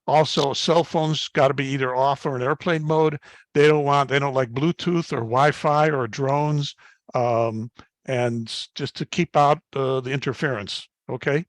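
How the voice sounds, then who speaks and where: An older man in his seventies gives a guest slide talk to an astronomy club, moving through his slides in a folksy, anecdotal way. His voice sits at a middling pitch, and his speech is full of "uh"s and little restarts. The sound is dry and close, with no room around it. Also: fairly even intonation, unhurried, no echo. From Chicago, United States. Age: 70s. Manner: folksy storytelling with frequent fillers and restarts.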